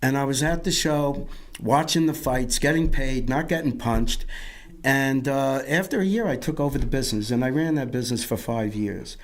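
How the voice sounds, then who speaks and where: A man's voice: mid-range voice, normal speed. A middle-aged man talks through his life story as an interview guest. His telling rambles, with restarts and repeated words, and he acts out other people's lines as he goes. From Yonkers, New York.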